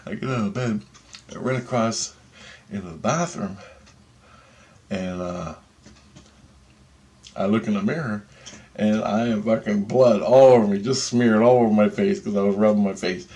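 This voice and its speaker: A man casually telling a vlog story, animated and full of swearing. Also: fairly low pitch, moderate pace, long pauses, slight background noise. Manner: profane, animated retelling of a dream. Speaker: vlogger.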